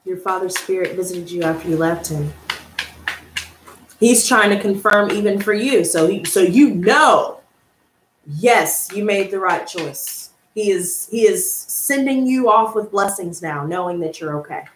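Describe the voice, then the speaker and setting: A woman hosting a live tarot stream, reading out viewer comments and answering them in a gushing, excitable way that breaks into laughter. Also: medium pitch, unhurried. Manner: excitable, gushing, calls viewers girl and honey, bursts of laughter. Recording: echoey room with faint noise.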